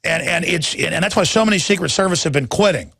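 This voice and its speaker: Gravelly man ranting as a talk host. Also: on the high side, lively intonation, fast, fairly bright tone, no room sound. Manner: heated, emphatic, stammering restarts. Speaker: radio talk show host. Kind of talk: ranting talk radio monologue.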